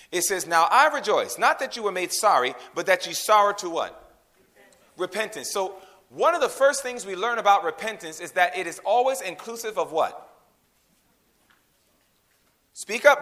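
A man preaching a sermon, quizzing his congregation with call-and-response questions and swinging from loud emphasis to hushed delivery. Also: sits high. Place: in a room with a congregation.

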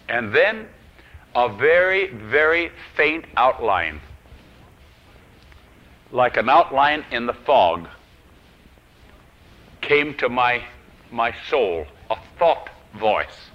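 Lively male preacher, muffled old tape. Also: mid-range voice, slow pace, long pauses. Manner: dramatic swings from loud to hushed. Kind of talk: sermon storytelling. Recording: dull lo-fi old recording.

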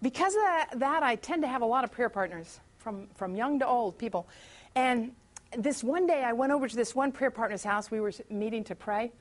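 A woman's voice: fairly high pitch, lively intonation. A woman speaking at a church meeting, telling a personal testimony as a chatty story, acting out her own prayers and thoughts and breaking off to welcome people coming in. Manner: chatty storyteller who pauses to greet latecomers.

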